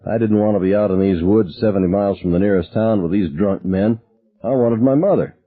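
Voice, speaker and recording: Here a male audiobook narrator delivers a first-person novel, measured and somber in tone. His low voice carries a husky grain, while the sound is dry and compressed into a narrow, phone-like band.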